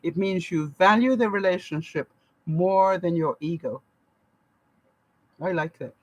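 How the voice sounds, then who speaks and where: A woman's voice: on the low side, a little slow, darkish tone, no room sound, lo-fi sound. A woman from Canada giving casual advice to her viewers, laughing often and acting out the lines she quotes. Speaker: vlogger. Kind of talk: casual advice talk to camera.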